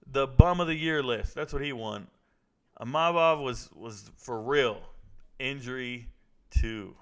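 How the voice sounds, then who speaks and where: Smooth-voiced man trash-talking on stream. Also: medium pitch, a bit bright. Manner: joking, trash-talking, slangy. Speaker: livestream host reacting to fights. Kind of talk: casual live-stream chat reading viewer comments.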